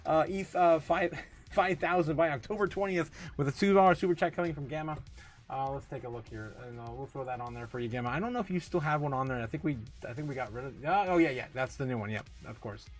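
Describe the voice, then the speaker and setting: A man hosting a casual livestream, reading viewer comments aloud, laughing often and getting excited, full of drawn-out fillers. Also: on the high side, soft background music. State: tipsy, recovering from a night of drinking. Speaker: livestream host.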